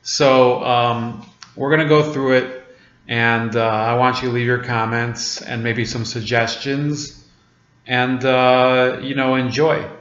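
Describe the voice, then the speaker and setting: A man's voice: mid-range voice, little pitch movement, slow, a bit bright, a little hiss or hum. A man hosting a casual commentary on news clips, rambling and full of fillers and restarts. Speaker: commentary host. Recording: echoey room, dull lo-fi sound.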